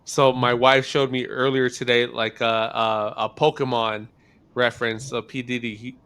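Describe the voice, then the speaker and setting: A man hosting a casual podcast chat, musing aloud in a halting, hesitant way. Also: medium pitch, little pitch movement, fairly bright tone, smooth. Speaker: podcast host.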